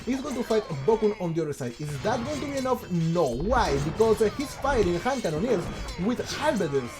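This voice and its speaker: A man casting a strategy game, excitable and stammering, firing off rhetorical questions. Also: high-pitched, brisk, music in the background. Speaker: game commentator. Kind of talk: casual game commentary.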